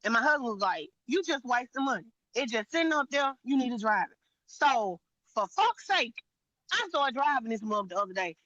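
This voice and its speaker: A woman's voice: on the high side, very animated, a little fast, a bit bright, no room sound, highs cut off. A woman telling a heated story on a live panel, blunt and profane, with lots of emphasis.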